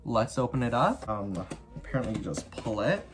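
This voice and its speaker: A man's voice: medium pitch, big pitch swings, moderate pace. A man hosting a casual doll unboxing vlog, chatty and upbeat, full of "like" fillers. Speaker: doll collector YouTuber.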